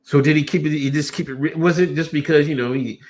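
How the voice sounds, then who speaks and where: A man co-hosting a casual podcast, reading shout-outs and laughing often in a hyped way. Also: fairly high pitch, fairly even intonation, fast. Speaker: podcast co-host.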